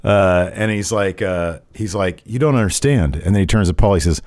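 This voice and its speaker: Man, lowish voice, casual wrestling recap, filler-heavy, chatty co-host. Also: normal speed, darkish tone. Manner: recaps at length with many fillers. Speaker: podcast co-host. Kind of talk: casual wrestling review chat.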